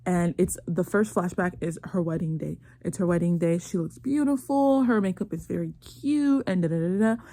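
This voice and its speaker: A woman's voice: fairly low pitch, normal speed, hardly any pauses, mellow, dry recording. A young woman hosting her own show, animatedly retelling a drama in casual chat with sassy asides. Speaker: host recapping a drama.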